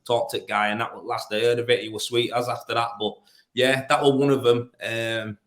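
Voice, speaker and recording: A man's voice: mid-range voice, flat delivery, a little fast, a bit bright. A man with a broad Yorkshire accent, a plasterer telling blunt stories in a casual interview, full of restarts and fillers. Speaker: plasterer and business owner. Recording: roomy echo.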